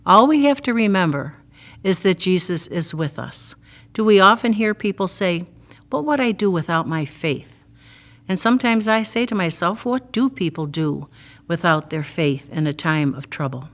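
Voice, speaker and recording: A woman with a slightly low voice gives a devotional reflection on a gospel story. She retells it in lively, plain words and turns to her listeners with direct questions. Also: moderate pace. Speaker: Catholic sister giving a daily reflection.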